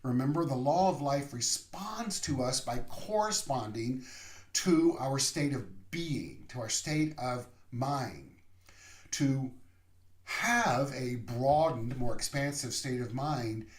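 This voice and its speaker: Male minister, sermon; unhurried, measured delivery in a reverberant room, whispers the affirmations. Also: medium pitch. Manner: slow, deliberate, drops to a soft whisper for affirmations. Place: online service over video call.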